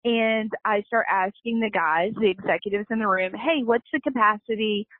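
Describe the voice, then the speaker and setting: A woman's voice: medium pitch, normal speed, no room sound. A woman, a company founder, telling her story as a guest in an earnest, emotional way. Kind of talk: casual storytelling interview. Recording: tinny phone line, dry.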